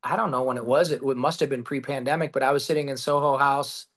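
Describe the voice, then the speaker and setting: A man being interviewed as a guest, telling stories in a lively, casual way, acting out quotes and swearing freely. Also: mid-range voice, fast. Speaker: guest, business founder. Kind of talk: storytelling in a podcast interview.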